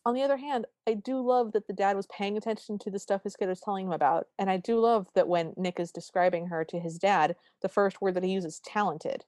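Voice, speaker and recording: A woman's voice: medium pitch, fairly quick, few pauses, dry recording. A woman co-hosting a podcast, recapping a film in casual chat and acting out the characters' lines. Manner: animated storytelling, acts out quoted lines. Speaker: podcast co-host.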